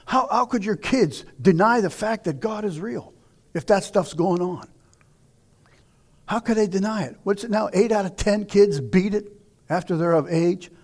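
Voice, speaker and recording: A middle-aged male pastor preaching a sermon, telling stories and asking questions, dropping to near whispers and rising to shouts. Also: high voice, normal speed. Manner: dramatic, swings from hushed near-whispers to shouting; conversational storytelling with rhetorical questions.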